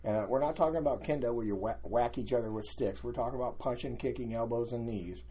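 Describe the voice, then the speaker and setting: An older man, a guest, telling lively anecdotes in a casual storytelling way and acting out what other people said. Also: mid-range voice, fast, slight background noise. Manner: animated anecdotes, acting out quoted voices.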